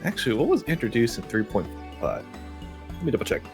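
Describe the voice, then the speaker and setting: Regular-pitched guy tossing in quick replies while gaming, bit of music behind. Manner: short relaxed replies, swears. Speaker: co-player on a game stream. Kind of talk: casual gaming chat.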